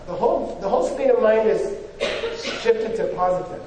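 In this informal lecture, a spiritual teacher chats away, sprinkling in rhetorical questions and plenty of "you know." He speaks at a normal speed in a high, mellow voice with lively intonation. The hall is echoey, he's captured from far off, and a little hiss or hum comes through.

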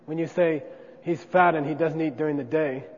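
Male teacher, fairly high voice, casual lecture, echoey hall with faint noise. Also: fairly even intonation, moderate pace. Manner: conversational, checks in with frequent 'okay?'. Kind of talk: classroom lecture on Buddhist philosophy. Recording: dull lo-fi sound with long reverb.

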